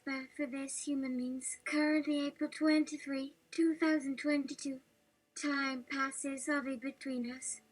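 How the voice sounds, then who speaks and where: A text-to-speech woman's voice reading a story aloud, breathy and hesitant. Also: high-pitched, poor audio.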